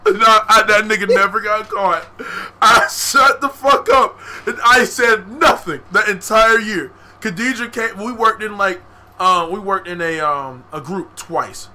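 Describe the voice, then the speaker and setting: A young man and podcast co-host telling a story in casual, animated speech, with lots of profane slang and frequent laughter. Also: sits high, unhurried, a little hiss or hum.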